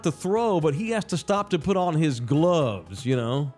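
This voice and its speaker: A fairly high-voiced man tells a story with big swings in pitch, acting out the lines of the people in it. His delivery is profane and emphatic, with faint music underneath. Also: animated, a little slow, a little mellow. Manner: acts out other people's lines in a shifting voice. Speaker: podcast host. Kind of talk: animated storytelling.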